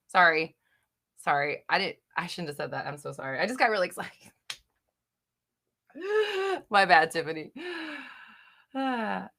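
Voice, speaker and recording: A woman's voice: on the low side, sing-song, a little slow, gravelly, long pauses, sharp tone. A young woman hosting a live question-and-answer chat at home, reading viewers' comments aloud in a chatty, giggly way with lots of fillers and the odd swear. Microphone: desk microphone.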